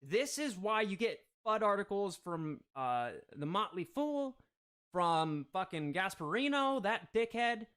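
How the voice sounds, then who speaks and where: This livestream host speaks a little slowly in a high, expressive voice with a slightly bright, clean tone. His commentary turns into a confrontational rant full of profanity.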